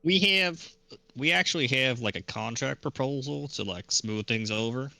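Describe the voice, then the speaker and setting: Male tabletop player, loose chatty delivery, bright voice, dry close sound. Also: mid-range voice, normal speed, creaky, no echo. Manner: loose and casual, with filler words. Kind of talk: casual chat on a live stream.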